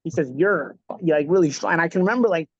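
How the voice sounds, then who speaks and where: Fast-talking New York man. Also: a little high, muffled recording, crowd noise. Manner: rapid, animated, full of restarts and "you know". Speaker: podcast host. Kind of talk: casual chat.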